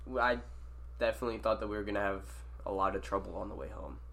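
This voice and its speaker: A man telling a story in casual chat with friends, animated, swearing and acting out quotes. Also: fairly low pitch, fast.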